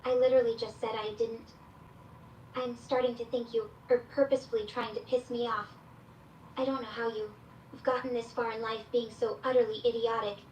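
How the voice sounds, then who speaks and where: An exasperated female AI chatbot, voiced by a woman, talks in a fairly high voice, reading out her own stage directions before each reply. She plays through a speaker, and the sound reaches the mic from across an echoey room with faint room noise underneath. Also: flat delivery, fairly quick, darkish tone, muffled recording, close to an everyday voice. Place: played through a speaker in a room, picked up by a security camera. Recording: echoey speaker audio caught from far off.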